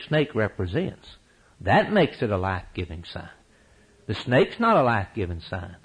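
A man preaching a sermon at a church service, impassioned, swinging from loud high peaks down to low, quiet lines. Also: breathy edge, rough recording.

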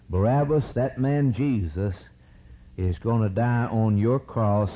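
A man preaching a sermon in a rhythmic, dramatic style, rising to high cries and dropping low again. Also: slow. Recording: dull lo-fi recording with faint hiss.

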